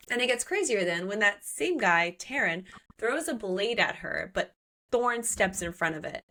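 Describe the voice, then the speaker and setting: A woman's voice: medium pitch, normal speed. Chatty woman podcast co-host. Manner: animated, swearing, acts out characters' lines. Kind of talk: casual book-recap chat.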